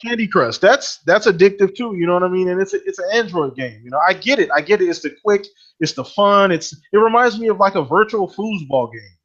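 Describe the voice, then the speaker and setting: A man's voice: high-pitched, animated, fairly quick, hardly any pauses, fairly bright tone, dull audio. A man on a casual gaming podcast, talking in an easygoing, hesitant way with many fillers. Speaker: podcast co-host.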